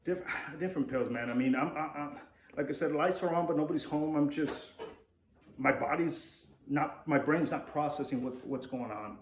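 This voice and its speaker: A man's voice: medium pitch, a little mellow. Candid man telling a story, echoey room. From Mexico. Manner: candid, swears freely, rambling with restarts. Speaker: vlogger. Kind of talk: casual storytelling to camera. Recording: echoey room with faint ambience.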